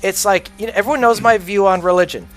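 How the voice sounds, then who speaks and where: A man's voice: sits high, fast, faint music behind. A man livestreaming a game, ranting casually in a blunt, profane, opinionated way. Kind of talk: casual rant while gaming.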